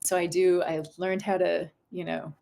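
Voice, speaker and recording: A middle-aged American woman in casual conversation as a guest author, chatty and quick to laugh, often breaking off and restarting. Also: on the low side, level tone, gravelly, dark tone. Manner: chatty, laughing, self-interrupting.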